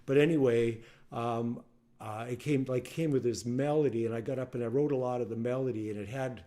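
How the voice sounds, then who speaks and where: An older singer-songwriter chats casually between songs on a home livestream, rambling and restarting sentences, with acoustic guitar in the background. His mid-range voice is mellow and steady, and he talks briskly.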